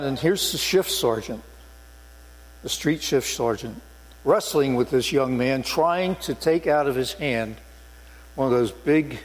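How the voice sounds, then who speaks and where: An older man, a former police sergeant, preaching a sermon in a church sanctuary with earnest storytelling and emphatic stresses. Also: medium pitch. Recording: long hall reverb with mains hum.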